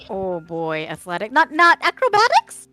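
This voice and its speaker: A woman playing a tabletop game, expressive and quick to laugh. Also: mid-range voice, no echo, soft background music. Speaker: player. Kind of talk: casual tabletop play.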